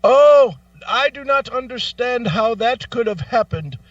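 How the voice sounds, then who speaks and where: Guy doing a super polite confused indian-accent call-center agent, high and bouncy, kinda muffled. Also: animated, a little slow, no echo, far from the mic. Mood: formal. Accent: Indian, put on. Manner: formal, overly polite, repeats phrases.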